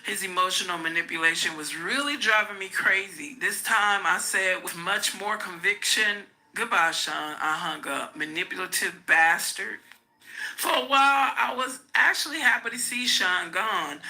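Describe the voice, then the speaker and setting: A woman hosts a podcast, reading a memoir aloud in a gravelly voice with plenty of fry. Her tone is bright and sharp, and she pauses to add her own remarks between passages. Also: mid-range voice, low-quality recording. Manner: breaks off to comment on the text. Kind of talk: reading a book aloud with asides.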